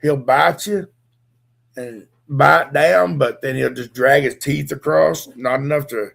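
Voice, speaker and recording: A man's voice: mid-range voice, slow, gravelly, fairly bright tone. An older man co-hosting a casual podcast chat, talking in a loose, rambling drawl about his dogs and accents. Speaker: podcast co-host.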